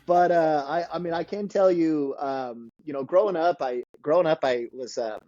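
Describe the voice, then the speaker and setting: Male guest in his 30s, mellow tone, laughs through his stories, dull recording. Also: a little high, moderate pace. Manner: laughs often, animated when telling stories. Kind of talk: casual storytelling.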